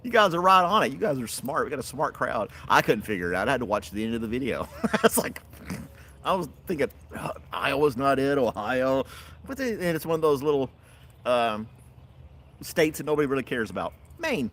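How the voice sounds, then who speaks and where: Lively chatty man hosting a livestream. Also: medium pitch, brisk. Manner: rambling, chatty, laughs often. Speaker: livestream host. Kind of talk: casual livestream chat with viewers. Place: outdoors in a backyard.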